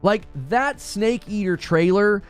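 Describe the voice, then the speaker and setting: A man hosting a casual livestream, chatting excitably, repeating himself and reacting to his chat. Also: sits high, slow, clean tone, soft background music. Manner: animated, excitable, repeats himself, shouts when cheering. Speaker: livestream host.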